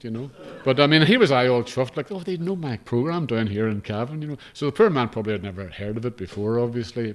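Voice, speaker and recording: An older man with a Northern Irish accent, giving a humorous, rambling talk to a live audience in a hotel function room, full of asides and self-deprecating remarks. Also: mid-range voice. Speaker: guest speaker, broadcaster.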